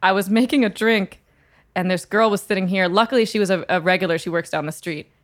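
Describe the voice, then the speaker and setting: A woman's voice: mid-range voice, fast talker. A woman in casual chat, telling candid stories with frequent swearing and laughter. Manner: candid, profane, laughs often.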